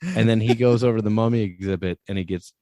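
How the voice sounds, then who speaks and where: A lower-voiced man chats through a movie plot, rambling and laughing often. He acts out bits of dialogue along the way. His voice sits close to the mic in a dry, dead room. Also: steady tone, fast, mellow, no echo. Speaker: podcast co-host. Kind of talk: casual movie review chat.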